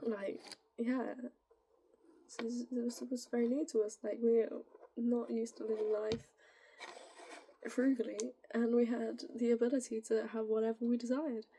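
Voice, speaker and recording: A young woman with a northern English accent, musing in a rambling, giggly way and slipping into soft, whispery asides. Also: fairly high pitch, level tone, unhurried, slight background noise. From northern England. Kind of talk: casual musing monologue.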